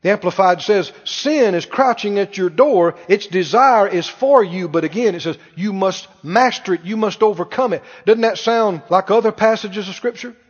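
A man preaching a sermon, animated and full of rhetorical questions to the congregation. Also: high-pitched, normal speed, few pauses. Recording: muffled sound with long hall reverb.

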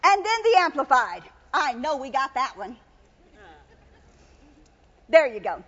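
A woman preaching a sermon in an emphatic, repetitive style, building to loud cries. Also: high-pitched, very animated, unhurried, long pauses, in a large hall, lo-fi sound.

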